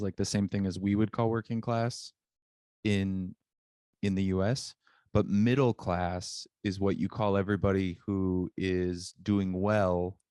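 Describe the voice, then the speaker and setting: A woman's voice: extremely low pitch, mellow, dry recording, studio quality. A woman co-hosting a podcast, chatting casually and teasing wryly over a remote call. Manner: teasing, wry questioning. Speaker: podcast co-host. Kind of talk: casual chat.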